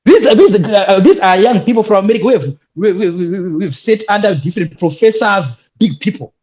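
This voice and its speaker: A young man with a Zimbabwean accent telling his story as an interview guest, animated and emphatic, repeating words when excited. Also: high-pitched, a little fast, lo-fi sound. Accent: Zimbabwean English. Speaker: guest, youth leadership speaker.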